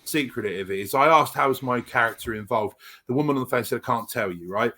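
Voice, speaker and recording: Rambling, animated male actor guest. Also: mid-range voice, a little fast. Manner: animated storyteller, rambling with restarts. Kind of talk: casual interview chat.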